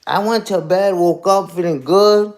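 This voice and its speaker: A man talks fast and loose to a live stream chat, full of street slang and rhetorical "you heard?" tags. His voice sits a little high for a man and swings up and down as he gets worked up. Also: steady tone. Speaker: livestream host. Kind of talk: casual rant to a live chat.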